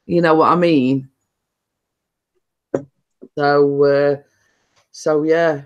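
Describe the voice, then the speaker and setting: A woman's voice: deep voice, fairly even intonation, drawn-out words, clear, resonant tone, highs cut off. A woman hosting a live chat stream, talking in a loose, rambling way full of "you know" and "I mean". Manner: rambling, lots of fillers and repeated phrases. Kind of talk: casual chat.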